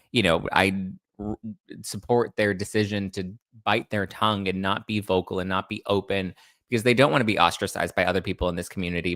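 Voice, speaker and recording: A man's voice: lowish voice, a bit bright, no room sound, clean studio sound. Chatty man hosting a livestream. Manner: chatty, answers viewer comments aloud. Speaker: host. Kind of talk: casual livestream commentary. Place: Los Angeles.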